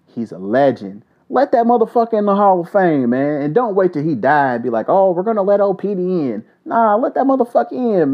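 A man hosting his own podcast, telling a story in a heated, profane, casual rant. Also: on the high side. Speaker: podcast host. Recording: dull lo-fi recording.

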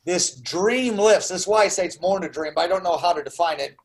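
A man's voice: sits high, fairly quick, rough recording. A man in his sixties telling a personal story as an interview guest, earnest and full of restarts. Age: 60s.

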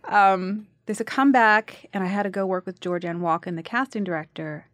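A woman in her forties tells a story in a relaxed chat. She acts out every quote with lots of energy. Her voice sits in a middle pitch, and the recording is close and dry. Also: normal speed, no room sound. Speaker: guest actress. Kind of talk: casual chat.

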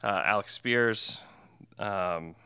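A man's voice: on the low side, very slow, noisy background. A man hosting a sports podcast, chatting casually with fillers and self-corrections. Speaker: podcast host.

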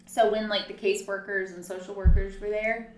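A woman co-hosting a casual true-crime podcast, telling the story in an animated way with sarcastic asides. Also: mid-range voice, fairly quick, a little hiss or hum. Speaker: podcast co-host. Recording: roomy, distant mic.

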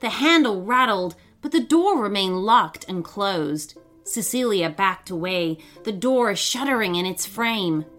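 Slow, expressive woman storyteller. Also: mid-range voice. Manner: expressive, dramatic. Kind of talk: scripted children's story narration. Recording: faint background music.

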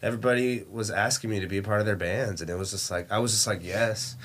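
A man's voice: lowish voice, fairly even intonation, very fast, a bit bright. A man from Dallas, a drummer, talking casually about his bands on a podcast, laughing often and quoting his friends. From Dallas, Texas. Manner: laid-back, laughs often, quotes friends. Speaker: drummer and band member.

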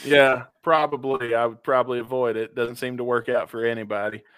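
A man's voice: medium pitch, flat delivery, a little fast, a bit bright, smooth, no echo. A man co-hosting a casual podcast, reading listener stories aloud in a laid-back way and ranking them. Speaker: podcast co-host.

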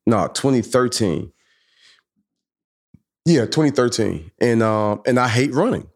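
A man's voice: medium pitch, very animated, unhurried. A man hosting a podcast in casual chat, telling stories in a laid-back way with joking asides. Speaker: podcast host.

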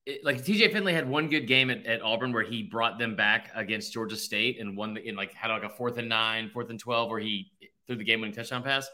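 A man in his thirties hosting a casual sports podcast, rambling and animated, full of asides. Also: mid-range voice, a little fast. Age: 30s. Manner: rambling, animated, self-interrupting with fillers. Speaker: podcast host.

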